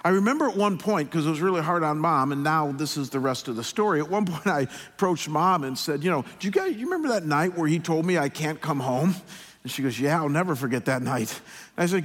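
A middle-aged male pastor telling a personal story in a sermon, slow and earnest, often pausing. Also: on the high side, expressive. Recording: long hall reverb.

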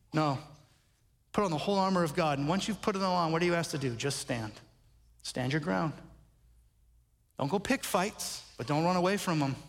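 Pastor, male, high voice, emphatic rhetorical sermon delivery, reverberant hall. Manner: animated, emphatic preaching with rhetorical questions. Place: church sanctuary.

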